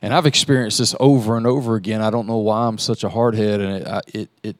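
A man's voice: fairly low pitch, steady tone, fast, dry recording, clean studio sound. A man speaking casually at a church meeting, hesitant and full of fillers.

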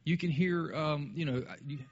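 A man's voice: a little high, moderate pace, highs cut off. A man talking casually about faith in a conversational way, often restarting his sentences.

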